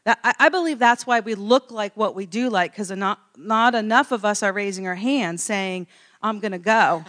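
A middle-aged woman telling a personal story in a casual interview, animated and laughing often. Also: medium pitch, moderate pace.

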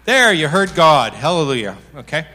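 A male preacher delivers a sermon with a lively, joking energy. His voice is fairly high and bright, and he often acts out the lines he quotes. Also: moderate pace. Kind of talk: sermon with storytelling.

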